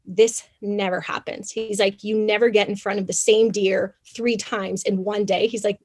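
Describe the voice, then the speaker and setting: A young adult woman from Canada, a podcast guest telling a story in an animated, chatty way with many fillers. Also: medium pitch, moderate pace. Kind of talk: casual interview storytelling.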